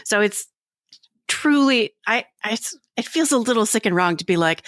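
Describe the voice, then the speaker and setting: A woman guest author and sex educator speaking in a podcast interview, talking in an animated way and filling her speech with "like". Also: fairly high pitch, normal speed, no echo, clean studio sound.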